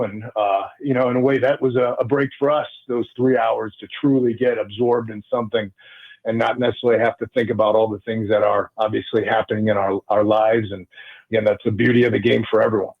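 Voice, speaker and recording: Male guest on a dry, tinny phone line, earnest and halting, mid-pitched. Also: flat delivery, gravelly, no room sound. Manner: earnest, halting, many restarts. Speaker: guest, former pro football player. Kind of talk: casual radio interview storytelling. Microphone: phone call.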